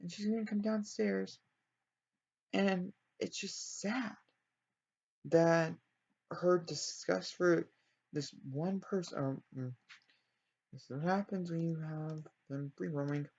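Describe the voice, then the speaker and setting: A man's voice: high-pitched, slow pace, gravelly, pauses often, a little mellow, slightly rough. A man casually narrating a story he builds in a life-simulation game, rambling and often correcting himself, on a dull lo-fi recording. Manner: rambling, self-correcting, apologetic. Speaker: let's play storyteller.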